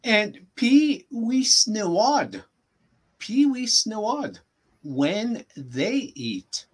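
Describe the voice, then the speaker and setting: Slow, husky-voiced male teacher. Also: high voice, very animated. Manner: patient, repeats phrases slowly. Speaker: language teacher. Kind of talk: casual teaching chat.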